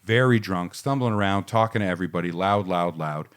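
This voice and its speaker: A man's voice: low-pitched, brisk, smooth. A young man casually telling a long story on a studio podcast, rambling with fillers and swearing freely. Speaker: podcast co-host. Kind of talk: casual chat.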